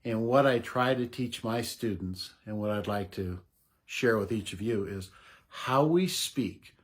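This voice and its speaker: A middle-aged man giving unhurried, casual advice to camera as a voice coach, explaining with soft laughs. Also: lowish voice.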